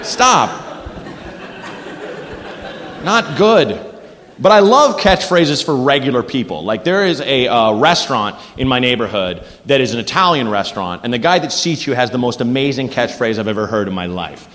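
A man doing a stand-up comedy set on a club stage, animated and leaping into loud voices for his bits. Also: mid-range voice, fairly quick. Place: comedy club stage before a live audience. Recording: live club recording with long reverb and noise.

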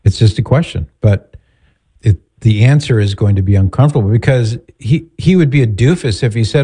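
A male host giving direct, steady advice to a caller. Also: fairly low pitch, normal speed, slightly rough. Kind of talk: advice talk show.

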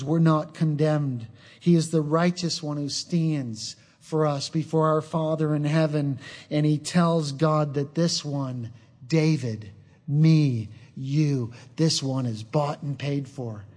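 A man's voice: a little high, a little mellow. A male preacher delivering an earnest sermon, mixing scripture with personal stories.

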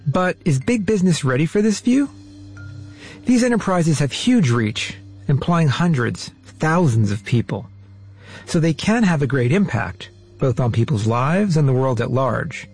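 Lively breathy male host, soft music. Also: on the high side, unhurried. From US East Coast. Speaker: host and narrator. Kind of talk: radio-style interview narration.

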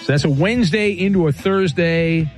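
High-voiced wisecracking radio host, man. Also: faint music behind. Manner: brisk, wisecracking, reads listener questions. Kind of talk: casual radio talk.

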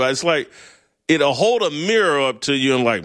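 Blunt, animated talk show host man. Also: fairly high pitch, moderate pace. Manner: animated, blunt, laughs often, restarts mid-phrase. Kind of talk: opinionated monologue.

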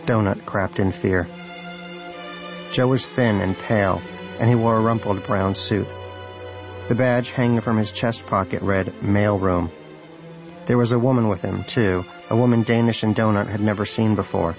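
A man's voice: fairly low pitch, fairly even intonation, moderate pace, lo-fi sound, faint music behind. A man narrating a story in audiobook style, with a dry, wry storytelling manner.

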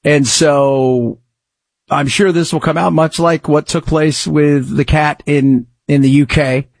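Talk radio guy riffing casually, kinda husky, dry close mic. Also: on the high side, fairly even intonation, slow, no echo. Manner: rambling, conversational, emphatic rises. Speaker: radio talk show host.

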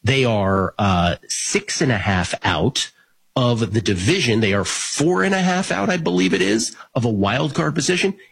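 Animated husky-voiced man. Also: medium pitch, moderate pace. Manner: animated, rambling with restarts. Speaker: sports betting show host. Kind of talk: casual sports talk.

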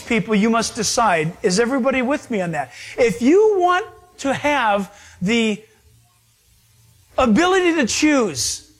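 High-voiced man preaching with emphasis. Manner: emphatic, slows down to stress points. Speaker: pastor. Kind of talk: sermon.

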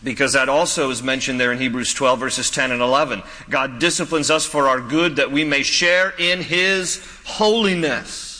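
A man preaching a sermon as a pastor, telling stories with animated, self-deprecating humor. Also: mid-range voice, moderate pace, few pauses, in a large hall, poor audio.

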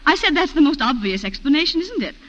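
An actress playing a refined colonial wife who tearfully recounts a shooting, in a 1940s radio drama style. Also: female voice, sits high, big pitch swings, fast, a bit bright. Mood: distraught. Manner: breathless, emotional, refined. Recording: muffled old radio recording.

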